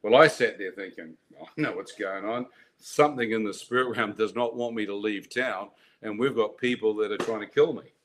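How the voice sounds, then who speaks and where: A man's voice: fairly low pitch, moderate pace, background noise. An older man telling his life story as an interview guest, vivid and dramatic, with restarts. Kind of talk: animated storytelling.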